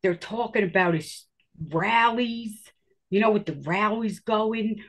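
Animated woman telling her story. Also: mid-range voice, slow pace. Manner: animated, swears casually, acts out her own reactions. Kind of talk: casual storytelling.

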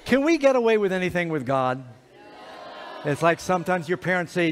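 A man telling an animated, playful story sermon to children in a large church hall. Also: sits high, brisk, a faint crowd. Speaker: preacher. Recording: reverberant hall.

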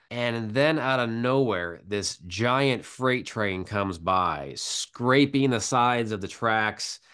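A man's voice: medium pitch, a bit bright, smooth. A man being interviewed about his film work, telling stories casually with many fillers, restarts and "like"s. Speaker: guest, filmmaker.

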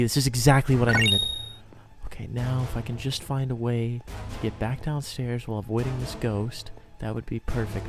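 A man narrating his own game roleplay in an excitable way, often yelping and panicking as things chase him. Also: mid-range voice. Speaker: gamer doing a roleplay. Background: game music.

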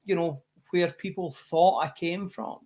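A man with a Scottish accent, a rock singer chatting as a guest, telling lively stories with many restarts and repeated words. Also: sits high, measured pace. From Scotland. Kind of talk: casual interview chat.

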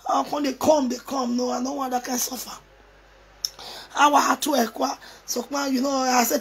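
A woman with a Nigerian accent, rambling excitedly in a casual video message, mixing pidgin and English. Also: high voice, normal speed. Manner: mixes pidgin, English and local languages, excited and teasing.

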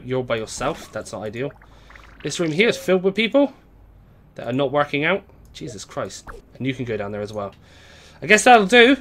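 A man's voice: medium pitch, a bit bright, slight background noise. Chatty man streaming a game. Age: young adult. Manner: rambling, chatty, reads out chat. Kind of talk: casual live-stream commentary.

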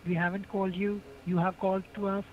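High-voiced man on a muffled phone line. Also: little pitch movement, fast. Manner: formal, repetitive, defensive. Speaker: call center agent. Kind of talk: phone call.

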